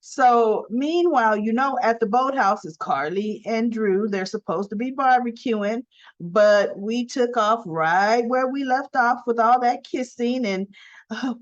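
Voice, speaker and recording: A woman's voice: on the high side, measured pace. A woman recapping a soap opera episode in a chatty, rambling way full of fillers and asides. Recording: dull lo-fi sound.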